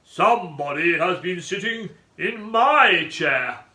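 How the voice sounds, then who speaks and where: A man growling as a big gruff father bear. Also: expressive, full character voice. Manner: slow, loud, booming. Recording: echoey room.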